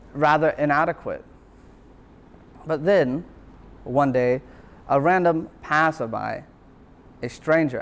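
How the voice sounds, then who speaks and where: A man with an even, mid-pitched voice gives an earnest motivational talk. He speaks as a lecturer sharing his own hardships, reflective and sincere, and he comes back to key phrases again and again. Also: smooth. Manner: earnest, reflective personal storytelling; repeats phrases for emphasis. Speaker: university lecturer.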